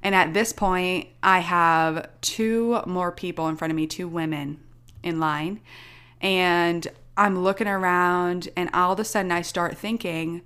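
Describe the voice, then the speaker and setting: A young woman telling a personal story in casual chat, animated and laughing often as she talks. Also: lowish voice, measured pace, clean tone.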